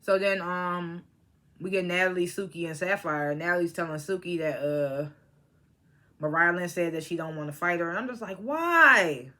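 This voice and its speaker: Blunt, bright-voiced reality TV reviewer. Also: medium pitch, steady tone, moderate pace. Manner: blunt, opinionated, profane; rambling with restarts and asides. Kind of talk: casual vlog commentary.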